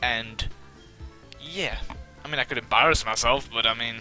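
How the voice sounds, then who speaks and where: A man's voice: mid-range voice, moderate pace, soft background music. Rambling, self-mocking young gamer guy. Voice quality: somewhat monotone. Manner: rambling, self-deprecating, many fillers. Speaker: let's-play gamer. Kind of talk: casual gameplay commentary.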